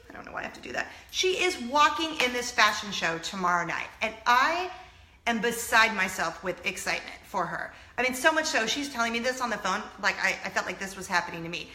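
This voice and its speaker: Woman host in her thirties, heartfelt casual vlog storyteller, bright tone, roomy echo. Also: on the high side, very animated, normal speed. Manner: emotional, earnest, near tears at times.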